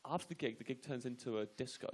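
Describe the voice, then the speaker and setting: A man comedian on a live radio panel, telling a self-deprecating comic anecdote in halting bursts with lots of restarts. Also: mid-range voice, a little mellow, a little hiss or hum.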